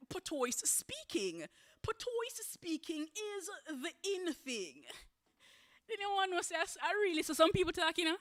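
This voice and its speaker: High-voiced Jamaican woman chanting poetry. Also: sing-song, measured pace, a bit bright. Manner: rhythmic, chanting delivery with repeated refrains. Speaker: poetry performer. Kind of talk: performance poetry recital.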